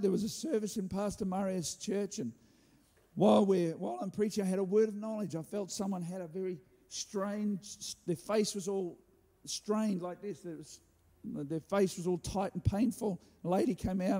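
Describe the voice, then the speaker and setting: A man preaching a sermon, telling a story with animated delivery and joking asides. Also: sits high, normal speed. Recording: hall reverb.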